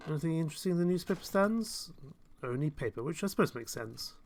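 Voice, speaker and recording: A man's voice: fairly high pitch, animated, quick pace, creaky. A young man chatting through a live gameplay stream, rambling and self-mocking, chuckling often. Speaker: game streamer. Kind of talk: casual live gameplay commentary.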